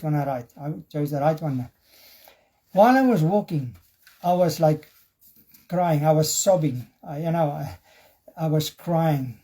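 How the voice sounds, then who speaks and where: A man gives an informal talk on faith with a mellow, warm tone. He speaks earnestly but haltingly, often restarting and repeating words, then leans hard on his main points. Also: fairly high pitch. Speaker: preacher. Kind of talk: informal teaching and personal testimony.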